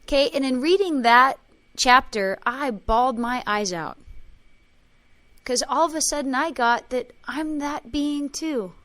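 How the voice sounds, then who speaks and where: A woman leading a spiritual workshop, telling emotional personal stories with quoted dialogue and chanting a repeated clearing phrase. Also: sits high, unhurried, fairly bright tone. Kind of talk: talk to a group.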